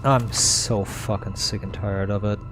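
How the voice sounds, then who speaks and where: A man's voice: on the low side, steady tone, measured pace, noisy background. A man streaming a game, ranting in exasperation, swearing a lot and stammering as he repeats himself. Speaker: gameplay streamer. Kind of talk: live gameplay commentary.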